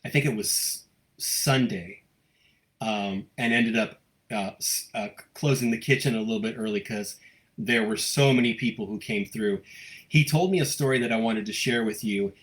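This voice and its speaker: A man with a fairly low voice hosts a live local news stream from home. He chats casually, reads out viewer comments, and stammers through his thoughts with plenty of ums and restarts. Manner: halting, many fillers and restarts. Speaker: host of a local news livestream.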